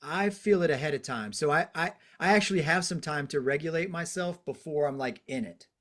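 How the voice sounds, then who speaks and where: A man hosting a podcast, reflecting out loud in a casual, thinking-it-through way. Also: a little high, fairly quick. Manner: reflective, talks things through with casual fillers. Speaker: podcast host.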